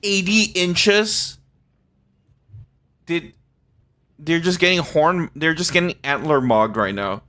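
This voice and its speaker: A man's voice: on the high side, slow pace, pauses often, bright, forceful tone. A man in his forties chatting casually with his live-stream audience, laughing often and swearing freely.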